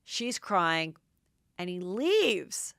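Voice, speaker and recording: A middle-aged woman hosting a podcast, recapping gossip in an excitable, chatty way with lots of "like". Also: on the low side, drawn-out words, vocal fry, clear, resonant tone, no room sound, clean studio sound. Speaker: podcast host. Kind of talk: casual gossip commentary.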